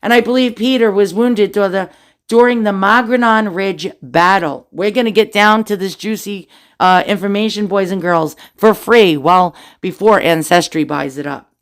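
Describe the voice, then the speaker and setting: A woman's voice: medium pitch, moderate pace. A middle-aged woman hosting a family history video, reading war records aloud with chatty asides and jokes. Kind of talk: casual documentary narration.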